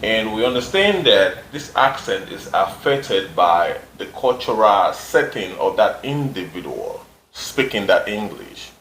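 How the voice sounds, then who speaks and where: A man hosting a casual talk show, explaining in a measured way with fillers. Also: lowish voice, sing-song, a bit bright. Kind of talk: casual discussion. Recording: echoey room with faint noise.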